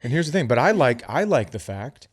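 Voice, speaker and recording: A man co-hosting a podcast in casual chat, going off on loud, profane, comic rants. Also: mid-range voice, sing-song, fairly quick, slightly rough. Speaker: podcast co-host.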